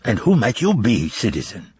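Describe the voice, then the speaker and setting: A rude, portly middle-aged official, played by a man narrating a storybook, who barks demands with suspicion and indignation. His voice leaps about as he blusters. The reading is dry and a little husky. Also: fairly low pitch, huge pitch swings, normal speed, a little mellow, dry recording, full character voice. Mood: indignant.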